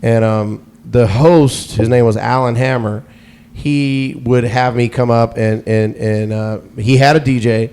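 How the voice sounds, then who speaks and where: A man's voice: medium pitch, fairly even intonation, measured pace, a little mellow, clear, resonant tone. Man rambling through podcast stories. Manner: loose, rambling, with many restarts and fillers. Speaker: radio DJ guest. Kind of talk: casual podcast storytelling.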